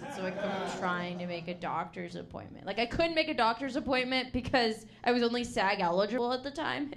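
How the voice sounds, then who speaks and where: A woman's voice: medium pitch, lively intonation, normal speed, creaky, few pauses, a bit bright. A young woman doing a stand-up set at an open mic, rambling and self-deprecating, often laughing at her own jokes. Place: comedy club stage with a live audience.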